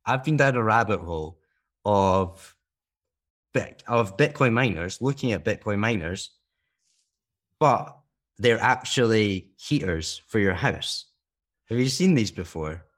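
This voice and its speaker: A man's voice: fairly low pitch, animated, measured pace, long pauses. A man hosting a podcast, giving the intro and chatting frankly with his co-host. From Scotland. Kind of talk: podcast intro and casual chat.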